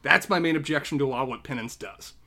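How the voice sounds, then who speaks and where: A man's voice: medium pitch, quick pace, pushed and bright. A man co-hosting a podcast, giving opinionated critiques in casual discussion. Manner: opinionated, critiques character writing. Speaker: podcast co-host.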